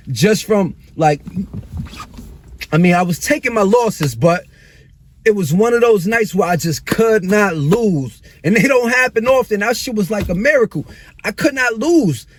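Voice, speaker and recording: A man in his thirties casually telling a long personal story to camera, animated and slangy, swinging between excitement and regret. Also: high voice.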